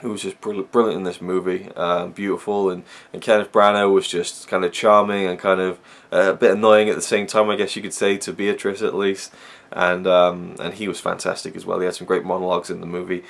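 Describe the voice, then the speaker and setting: A man's voice: deep voice, little pitch movement, brisk, vocal fry, hardly any pauses. A man giving a casual, rambling film review, full of fillers and restarts.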